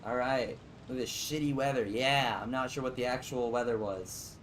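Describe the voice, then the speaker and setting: A man's voice: medium pitch, fairly even intonation, normal speed, fairly bright tone, slight background noise, rough recording. A young man streaming casual live gameplay commentary, rambling and joking as he chats with his viewers.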